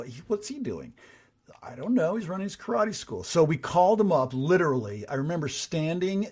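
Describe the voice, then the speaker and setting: A man's voice: on the high side, slightly rough. A middle-aged man, a writer and producer, telling stories as a podcast guest and acting out the dialogue he quotes. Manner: animated storyteller who acts out quoted dialogue. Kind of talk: casual interview storytelling.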